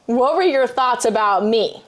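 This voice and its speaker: A young woman hosting a podcast, with a voice set a little higher than most women's. She speaks earnestly and openly and guides the talk with sincere, personal questions. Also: lively intonation, unhurried, a little hiss or hum. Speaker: podcast host. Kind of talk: conversational interview.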